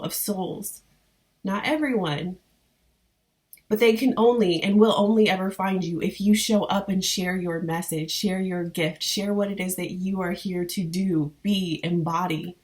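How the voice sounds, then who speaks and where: A woman in her thirties, a spiritual business coach, talking straight to her viewers in an earnest, heartfelt and encouraging way. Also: mid-range voice. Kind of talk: motivational vlog talk to viewers.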